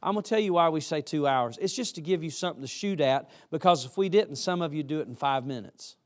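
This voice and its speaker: A man's voice: a little high, quick pace. Guy preaching in chapel, folksy and punchy, acts out the students. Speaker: college preacher. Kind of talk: chapel sermon.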